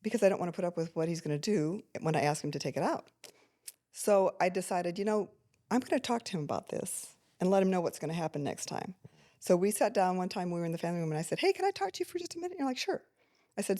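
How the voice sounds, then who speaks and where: A woman's voice: fairly low pitch, fast talker. An older woman, a mother on a family podcast, telling a story and acting out the people in it. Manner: animated storyteller who acts out quoted voices.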